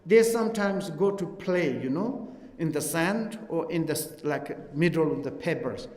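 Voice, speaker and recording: A man's voice: on the high side, animated, darkish tone. Tibetan-accented man teaching in an echoey hall. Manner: halting, broken English with many fillers. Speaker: Buddhist teacher. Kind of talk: dharma teaching. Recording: echoey hall with long reverb.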